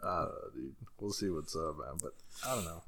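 A man's voice: rumbling low, normal speed, gravelly, sharp tone. A man co-hosting a casual chat, laid-back, often saying "dude".

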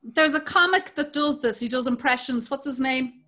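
Irish woman, high bright voice, bawdy casual storyteller. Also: moderate pace. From Ireland. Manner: bawdy, laughs through her stories.

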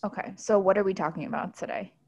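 Breathy young woman, animated chat. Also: mid-range voice, no room sound. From southern United States, living in Miami. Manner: animated, quick to tease and laugh. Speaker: podcast co-host. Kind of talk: casual chat.

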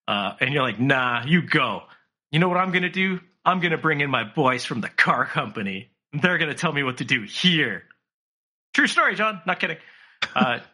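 A man talks casually on a podcast and tells a story full of swearing, mocking the people he quotes in put-on voices. His voice is husky yet bright, and his pitch swings widely as he gets worked up.

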